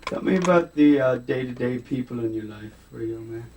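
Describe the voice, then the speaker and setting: Gravelly guy asking soft, halting questions off to the side. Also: medium pitch, animated, a little hiss or hum, low-quality recording. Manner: quiet, hesitant questions. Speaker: interviewer.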